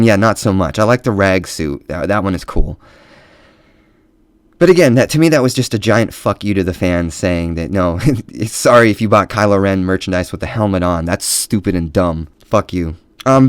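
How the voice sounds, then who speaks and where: A man with a fairly low voice rants at length, swearing freely and slipping into mocking sarcasm. The sound is close and dry, with no room around it. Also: no room sound. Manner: profane, heated, sarcastic. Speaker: movie ranter. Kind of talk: angry profane rant.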